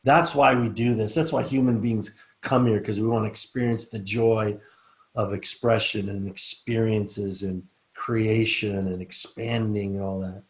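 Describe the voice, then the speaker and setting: A middle-aged man teaching a live online class, chatting casually and then talking the group slowly through a relaxation exercise. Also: lowish voice. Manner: relaxed, coaxing, speaks slowly and softly when guiding. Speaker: teacher leading a group session.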